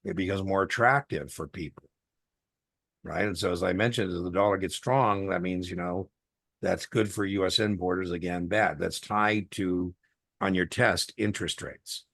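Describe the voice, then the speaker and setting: Man, middle-aged, gravelly, husky, dry close sound, folksy chatty tutor, video call. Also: low-pitched, steady tone, normal speed, fairly bright tone, no echo. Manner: folksy, storytelling, chatty with fillers. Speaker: exam tutor. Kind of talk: one-on-one tutoring session.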